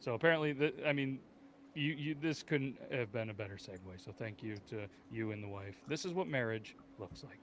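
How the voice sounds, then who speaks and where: Dude hosting a podcast, laid-back chatty banter, faint hiss in the background. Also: male voice, medium pitch, brisk, fairly bright tone. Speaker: podcast host. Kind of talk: casual podcast chat.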